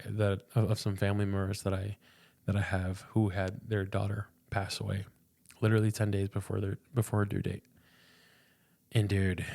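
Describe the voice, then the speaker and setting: A man's voice: fairly low pitch, creaky, darkish tone. A young man and pastor, a podcast guest, telling a personal faith story in an earnest, casual way, often repeating words and saying "dude".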